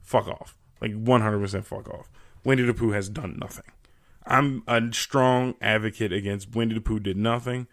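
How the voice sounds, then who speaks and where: Young guy, podcast host, loose profane rant, slightly low voice. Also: fairly even intonation, normal speed. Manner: profane, ranting, casual. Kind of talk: solo comedic rant.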